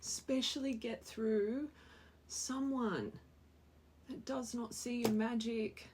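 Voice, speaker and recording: A woman's voice: a little high, fairly even intonation, slow, background noise. A young woman giving a spiritual tarot reading to her viewers, earnest and emotional, often repeating phrases for emphasis. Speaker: tarot reader.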